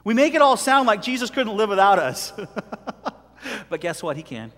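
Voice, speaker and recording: A man's voice: high-pitched, big pitch swings, normal speed, fairly bright tone. A man preaching a sermon in a conversational way, retelling scripture and acting out its voices. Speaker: pastor. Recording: long hall reverb.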